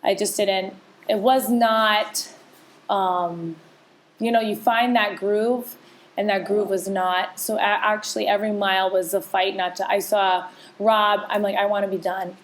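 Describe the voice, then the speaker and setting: Co-hosting a podcast, a woman chats casually and candidly in a medium-pitched, steady voice at a measured pace. Her talk is emotional and open, with frequent restarts as she loops back on her points.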